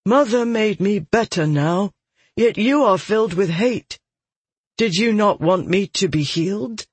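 A man's voice: sits high, expressive, a little slow, husky, no room sound, voice pushed up, exaggerated voice. A man voicing a troubled young man who speaks in a subdued, almost timid way, in an audiobook. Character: troubled youth, timid and subdued, touched by madness. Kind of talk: audiobook narration.

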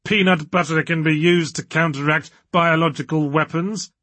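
A man voicing a dazed, pompous, theatrical male villain who talks slowly and grandly, slurring his words. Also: fairly high pitch, fairly even intonation, bright, forceful tone, no echo, pitched above the performer's own voice. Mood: grandiose, slurred.

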